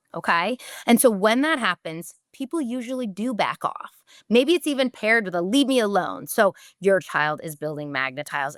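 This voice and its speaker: A woman's voice: medium pitch, fairly bright tone, no echo, clean studio sound. A woman, a podcast host giving direct, emphatic parenting advice and briefly acting out what parents and children say.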